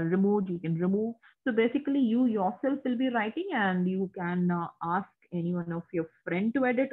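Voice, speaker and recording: A woman teacher with an Indian English accent, explaining a lesson to students and often checking in with "right?" and "okay?". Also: mid-range voice. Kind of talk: online lecture to students. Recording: husky voice over a tinny phone-like line.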